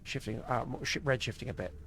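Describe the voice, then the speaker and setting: A man's voice: mid-range voice, fast talker, fairly bright tone, a little hiss or hum. A man narrating as game master, rambling and filled with ums and uhs.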